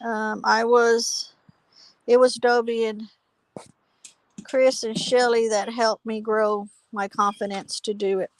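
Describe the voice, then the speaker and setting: A woman hosting a casual live phone stream from her backyard garden, talking loudly and rambling with fillers. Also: on the high side, level tone, slow pace, dry recording, rough recording. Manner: loud, chatty, rambling with fillers. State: hard of hearing. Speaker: channel host. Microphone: phone held while walking.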